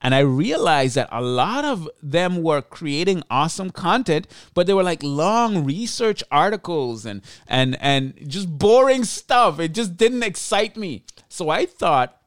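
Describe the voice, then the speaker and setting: Male solo podcaster, tired but energetic, talks straight into a dead-dry mic. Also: fairly high pitch, measured pace, few pauses, dry recording. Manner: energetic, chatty, self-deprecating asides. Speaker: podcast host. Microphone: close podcast mic.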